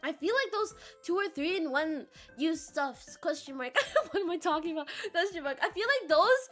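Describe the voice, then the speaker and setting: Young woman streamer chatting w her chat, super high voice that swoops around, giggly, soft music behind. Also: lively intonation, moderate pace. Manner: giggly, frequent loud laughter and playful squeals. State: sore throat. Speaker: VTuber streamer. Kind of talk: casual chat reading live chat.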